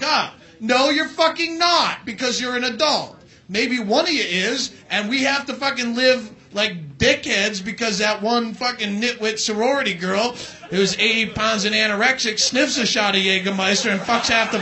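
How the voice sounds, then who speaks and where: High, sharp-voiced man ranting on stage. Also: vocal fry. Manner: profane, sarcastic ranting with shouted bursts. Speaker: stand-up comedian. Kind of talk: stand-up comedy rant. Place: comedy club stage with live audience.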